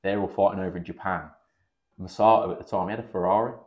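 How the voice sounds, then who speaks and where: Brief: guy in his thirties, deep voice, rapid casual storytelling, sweary, slightly dull podcast audio. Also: steady tone. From England. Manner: chatty, swears freely, acts out quoted dialogue. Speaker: podcast guest, kickboxing coach.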